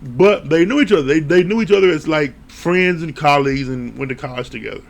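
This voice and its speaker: Gravelly man recapping a show. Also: fairly high pitch, a little fast. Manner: animated storytelling, laughing often; swears casually. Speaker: TV show reviewer. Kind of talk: casual recap commentary.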